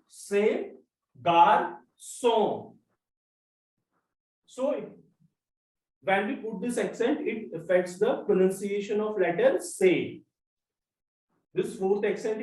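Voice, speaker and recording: A teacher walks through a language lesson at an unhurried pace, repeating each example and its meaning. The voice sits in an echoey room, picked up from some distance away from the mic. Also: mid-range voice, animated, a little mellow. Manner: slow, repetitive drilling of examples. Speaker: French teacher. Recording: roomy echo, mic far off.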